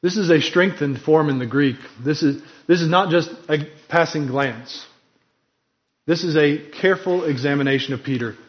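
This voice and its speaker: A man's voice: on the high side, moderate pace, highs cut off. A man preaching a sermon in an earnest, emphatic way, acting out quoted lines with drama. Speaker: pastor.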